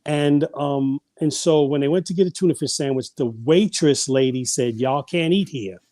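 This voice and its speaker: Mellow-voiced man telling family stories. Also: a little high, normal speed, no room sound. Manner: rambling, frequent restarts and repeated words. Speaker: podcast guest. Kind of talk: casual storytelling.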